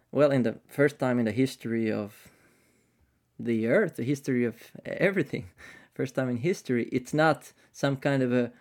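A man whose first language is not English, co-hosting a podcast and explaining ideas thoughtfully in casual chat, with frequent pauses. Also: mid-range voice, a little mellow. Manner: thoughtful, hesitant, many fillers and restarts. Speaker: podcast co-host.

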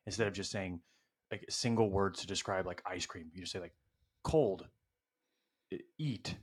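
A man's voice: deep voice, steady tone, a little fast, slightly rough. A man hosting a podcast, chatting in a loose, upbeat, joking way. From Arkansas. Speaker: podcast host. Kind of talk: casual podcast chat.

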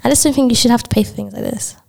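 A young woman co-hosting a casual podcast chat with friends, venting in drawn-out, joking complaints. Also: a little high, vocal fry, a little mellow. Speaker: podcast co-host.

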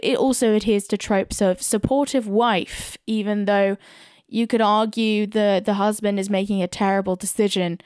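A woman's voice: medium pitch, a little mellow, no echo, studio quality. Chatty woman reviewing films. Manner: chatty, opinionated. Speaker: film podcast host. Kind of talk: solo film review podcast.

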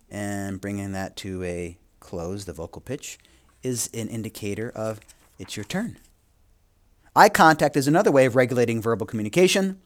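A man teaching a course, reading from a textbook and adding quick asides, sometimes correcting himself as he reads. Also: on the low side, darkish tone. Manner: reads aloud with asides and small self-corrections. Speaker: instructor. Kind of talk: reading a textbook aloud with comments.

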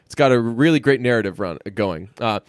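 A man's voice: mid-range voice, lively intonation, a little fast, clear, resonant tone, dry recording, clean studio sound. A man co-hosting a casual comedy podcast, rambling and joking as he reads headlines aloud. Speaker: podcast co-host. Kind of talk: casual chat.

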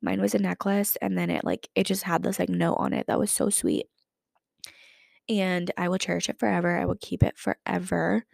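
This twenty-something podcast host keeps things chatty, peppering her talk with "like" despite a lingering cough. Her voice is lowish, creaky, and darkish, level in tone and at normal speed, captured as a dry, clean studio recording.

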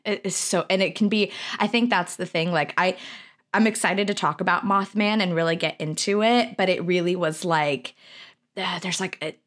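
A woman's voice: lowish voice, normal speed, fairly bright tone. A young adult woman co-hosting a podcast in casual chat, chatty and full of fillers and laughter. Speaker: podcast co-host.

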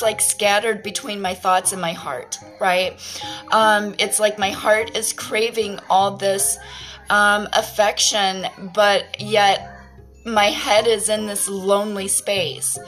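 A woman's voice: medium pitch, a bit bright, poor audio. Woman, tarot reader, rambling and candid, feels scattered, faint music under her voice. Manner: rambling, candid, swears casually. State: feeling scattered and confused. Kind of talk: casual spiritual card reading.

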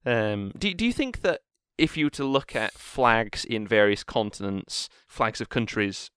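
Chatty man, smooth dry voice. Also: mid-range voice, expressive, a little slow, fairly bright tone, no room sound. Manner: chatty, rambling with fillers and restarts. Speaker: podcast co-host. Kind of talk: casual chat.

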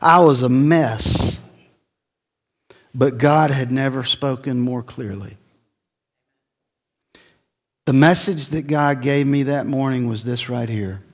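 Slow, storytelling preacher in a hall. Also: male voice. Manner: storytelling, voice swelling then dropping low. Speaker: pastor. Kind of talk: sermon.

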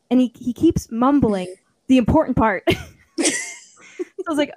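Young woman, animated raconteur, bright higher voice, dry recording. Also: normal speed, pauses often, no room sound. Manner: animated storytelling, acts out quotes, laughs often. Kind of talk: casual chat.

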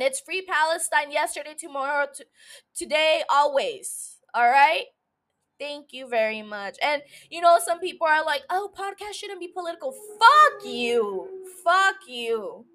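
A woman's voice: sits high, bright, forceful tone. A woman hosting a solo podcast from her room into a mic, blunt and emotional, swearing freely as she rants and gushes. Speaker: podcast host. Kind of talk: casual solo podcast talk. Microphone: studio mic.

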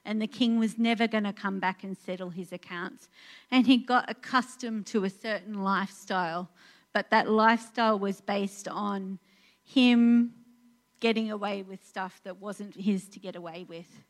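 A woman delivering a sermon in a chatty, earnest tone, often pausing on fillers and restarting her sentences. Her voice sits in an ordinary middle pitch for a woman. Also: fairly even intonation. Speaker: preacher. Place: church in Portugal.

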